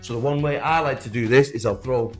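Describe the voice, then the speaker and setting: Guy coaching boxing, straight-talking and encouraging, mid pitch, bit of music low behind. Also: a little fast. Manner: direct, encouraging, demonstrates as he talks. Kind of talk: instructional coaching talk.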